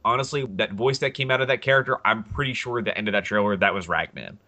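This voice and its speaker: A man's voice: on the low side, quick pace. A man co-hosting a casual comic-book podcast, talking eagerly and rambling as he riffs on news. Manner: excited, rambling, animated when joking. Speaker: podcast co-host. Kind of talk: casual chat.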